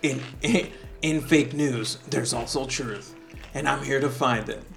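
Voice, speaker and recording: A man's voice: mid-range voice, a little slow, vocal fry, a bit bright, soft background music. A young man co-hosting a podcast in casual, joking chat, often trailing off and restarting. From Dominican heritage, New York. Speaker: podcast co-host.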